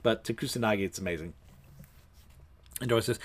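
A man casually recapping an episode in a relaxed storytelling way, with frequent fillers. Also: on the low side, normal speed, pauses often. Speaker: show recapper.

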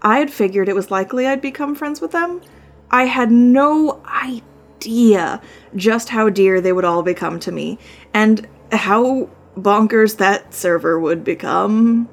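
Chatty woman podcast host narrating. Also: medium pitch. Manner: chatty and self-deprecating.

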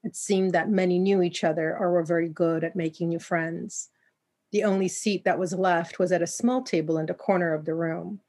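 A woman narrating a story in a calm, even reading voice. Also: on the low side, normal speed.

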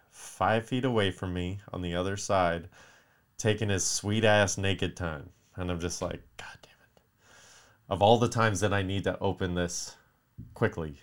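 A man with a deep, low-pitched voice tells a long, wandering story in a loose, casual way. He swears freely and drops to a muttered whisper for his curses. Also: clean tone. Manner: profane, rambling, with mock-whispered curses.

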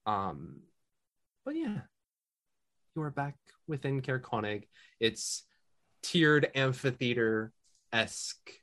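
A man narrating a tabletop game as game master, relaxed and halting. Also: fairly low pitch.

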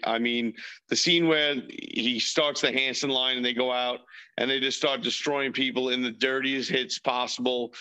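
A man's voice: mid-range voice, pushed and bright, poor audio. A man co-hosting a sports movie podcast, swearing freely and retelling movie scenes with gusto. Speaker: podcast co-host. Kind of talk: casual chat.

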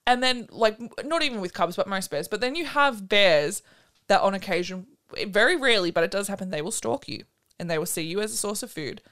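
A woman co-hosting a casual podcast chat, animated and swearing, acting out quotes in silly voices as she tells stories. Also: mid-range voice, fairly quick. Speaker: podcast co-host.

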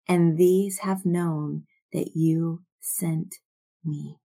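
A woman teaching from scripture in a slow, reflective way, sometimes dropping to soft near-whispers. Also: lowish voice. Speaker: Bible teacher.

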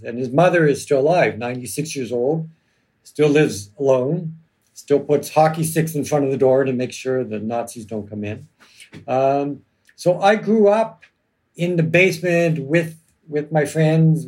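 A man, an author and lawyer, speaking reflectively in an interview with many pauses and ums. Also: medium pitch, a little mellow. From Canada. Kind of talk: conversational interview.

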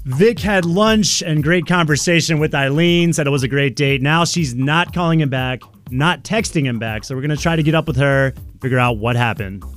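A man's voice: a little high, moderate pace, a bit bright, soft background music. A man co-hosting a morning radio call-in segment, wry and upbeat as he steers the talk on a studio microphone. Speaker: radio show co-host.

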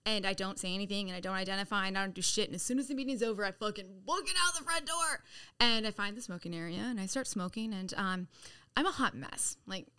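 A woman's voice: medium pitch, fast, clear, resonant tone. A woman guest on a podcast telling her story in casual, profane speech, acting out quoted lines. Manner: animated, profane, acts out quotes.

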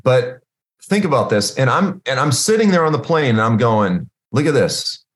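A man's voice: mid-range voice, normal speed. Conversational man preaching. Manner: conversational, full of "you know" and "like"; acts out dialogue with animated voices. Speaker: Christian teacher. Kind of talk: casual sermon with personal stories.

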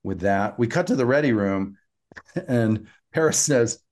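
A man co-hosting a podcast, recapping an episode in casual chat and acting out the quoted lines with animated storytelling. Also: medium pitch, a little slow. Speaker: podcast co-host.

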